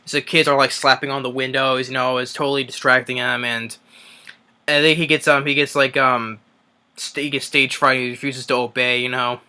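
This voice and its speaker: A young man talks through a film's plot in a loose, rambling way, full of "um"s and false starts. His voice is bright and clear, and his pitch sits in the middle. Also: level tone, a little fast. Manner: rambling, many fillers and restarts. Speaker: movie reviewer. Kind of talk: casual spoken movie recap.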